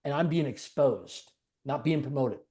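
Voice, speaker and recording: This interview guest speaks unhurriedly in a warm, medium-pitched voice with lively intonation. He earnestly tells a personal story, and his conversational phrasing is repetitive and piled up.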